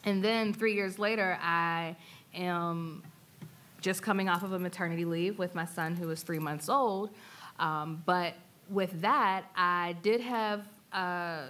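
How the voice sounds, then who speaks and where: A young woman on a panel sharing her story in an earnest, plain-spoken way, pausing with fillers. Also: lowish voice, fairly bright tone. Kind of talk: personal testimony on a panel.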